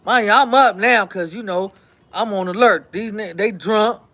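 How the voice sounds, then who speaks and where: High-voiced man telling a wild story. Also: moderate pace. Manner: animated, acts out quotes, repeats lines for effect. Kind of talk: casual storytelling.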